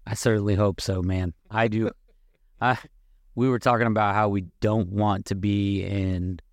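A laid-back man co-hosting a sports podcast, chiming in with short remarks. His voice is low and flat, with little rise and fall, heard in a dry room. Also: a little slow, dry recording. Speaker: podcast co-host. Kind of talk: casual sports talk.

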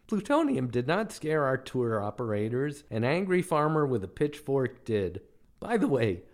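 A man's voice: medium pitch, a little mellow. Self-mocking American comic storyteller man. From United States. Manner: dry, self-mocking jokes. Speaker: podcast host.

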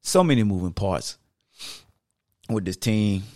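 A man's voice: fairly low pitch, animated, unhurried, warm tone, no room sound, studio quality. A man hosting a podcast, talking casually into a microphone and acting out what fans say to him. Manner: conversational, acts out quoted fans. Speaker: podcast host.

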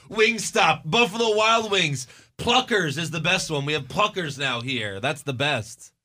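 Lively, bright-voiced podcast host from Texas. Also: male voice, on the high side, unhurried. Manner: joking, animated, swears freely. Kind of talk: casual podcast banter.

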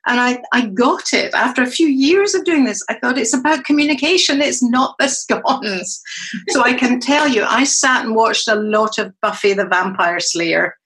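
Animated middle-aged woman psychologist. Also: fairly high pitch, moderate pace, rough recording. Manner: animated storyteller who acts out quoted dialogue. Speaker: psychologist and coach. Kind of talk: podcast guest interview.

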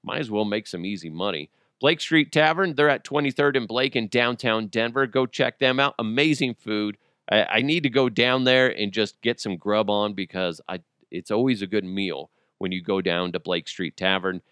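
A man's voice: fairly low pitch, moderate pace, hardly any pauses, fairly bright tone, clean tone, dry recording, studio quality. A man hosting a solo podcast, rambling casually with lots of swearing and jokes. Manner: profane, joking, rambling. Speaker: podcast host.

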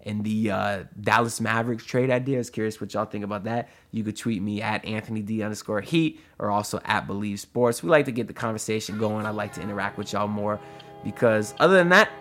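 A solo host of an audio-only sports podcast talks loosely and chattily, full of asides and "uh"s, as casual commentary. His voice is on the low side, fairly quick and a bit bright, with soft music in the background.

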